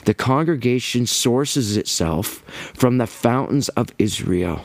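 A man giving an impassioned religious monologue, emphatic and ranting, with quick bursts and repeated words. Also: mid-range voice, animated, no echo. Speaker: Christian commentator.

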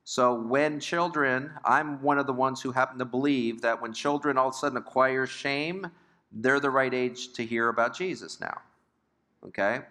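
Older man teaching Bible study, bright. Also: mid-range voice, moderate pace. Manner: conversational, asks the class questions, joking asides.

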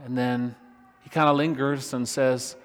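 A worship pastor telling a personal story in a relaxed, conversational sermon, laughing often as he talks. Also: mid-range voice, measured pace. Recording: long reverb of a church hall.

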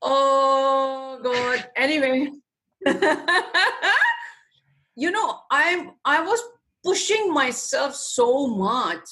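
A woman's voice: sits high, expressive, very slow, pauses often, fairly bright tone. A woman guest in an interview telling an emotional personal story, acting out her own past words and often laughing.

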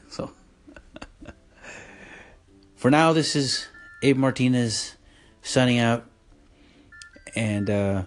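A man's voice: lowish voice, darkish tone. A man hosting his own podcast, wrapping up an episode in a casual, rambling way with frequent chuckles and self-deprecating asides. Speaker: podcast host. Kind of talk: casual solo podcast outro.

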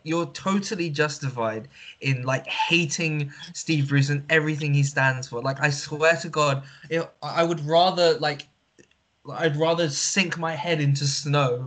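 A man's voice: on the high side, fairly bright tone. A young man on a football podcast panel, ranting sarcastically and swearing. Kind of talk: casual football chat.

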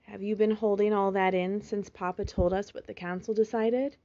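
A woman voicing a gentle mother fox who talks in a calm, soothing, motherly way, in a slightly muffled recording. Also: medium pitch, moderate pace, natural voice.

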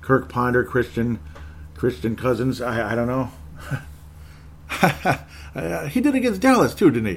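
A man's voice: medium pitch, big pitch swings, measured pace. A man hosting a sports talk show, chatting casually and reading out listener comments, often rambling, correcting himself and laughing. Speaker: sports podcast host.

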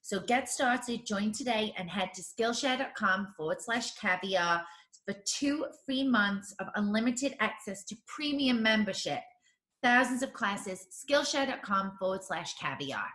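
A woman's voice: mid-range voice, animated, measured pace, a bit bright, low-quality recording. A woman co-hosting a podcast, reading a sponsor ad in an upbeat promotional way. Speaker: podcast co-host.

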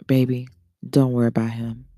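A woman's voice: extremely low pitch, little pitch movement, normal speed, dark tone, no room sound, studio quality, faint music behind. A man voicing a frank, motherly woman swinger with a New Orleans accent who calls everyone baby. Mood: reassuring. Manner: calls people baby, blunt advice. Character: sassy older woman swinger, soothing and frank.

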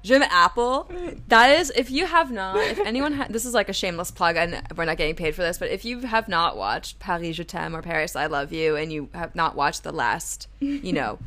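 A woman's voice: fairly low pitch, expressive, a little fast, few pauses, a bit bright. A woman co-hosting a podcast, chatting casually with asides and plenty of fillers. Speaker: podcast co-host. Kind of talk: casual podcast intro and interview.

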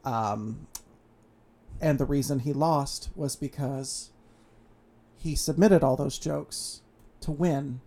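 A man chatting casually, delivering a pun in a dry way. He talks slowly and without hurry. His voice is mellow and dark. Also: medium pitch. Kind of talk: casual chat.

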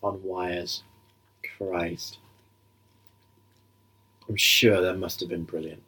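A man's voice: deep voice, steady tone, very slow, long pauses, sharp tone, breathy edge. A man co-hosting a casual film commentary, joking crudely and rambling as he watches.

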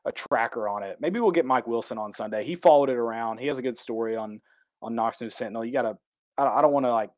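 A man, co-hosting a casual talk show, telling a rambling, excitable story and correcting himself as he goes. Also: medium pitch, fast, dry recording. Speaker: podcast co-host.

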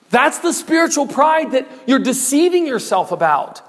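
A man's voice: extremely high pitch, lively intonation, moderate pace, hardly any pauses. A man in his forties preaching a sermon, fervent and rising to impassioned pleas. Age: 40s. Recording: echoey hall reverb.

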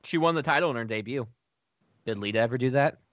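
A man's voice: medium pitch, fast talker, fairly bright tone, no room sound. Argumentative man on a dull, dry podcast mic. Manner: argumentative, profane banter. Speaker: podcast co-host. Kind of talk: casual chat.

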